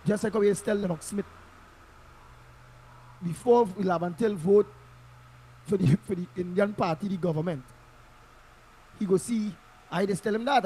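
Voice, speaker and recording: A man's voice: high-pitched, fairly quick, pauses often, darkish tone, breathy edge. A man with a Trinidadian accent giving impassioned political commentary, emphatic and repetitive, in local Creole phrasing, heard through an online call-in mic.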